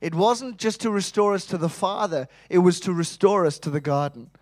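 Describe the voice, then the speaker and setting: A man preaching an Easter sermon in a lively, humorous way, calling out to the congregation for responses. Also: high voice, normal speed, no echo, low-quality recording. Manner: lively, humorous, acts out quoted voices.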